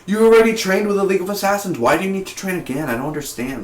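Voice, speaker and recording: A young man casually reviewing a TV episode, rambling and excitable, with lots of "like" and "man". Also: high voice, very fast, slight background noise. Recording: echoey room.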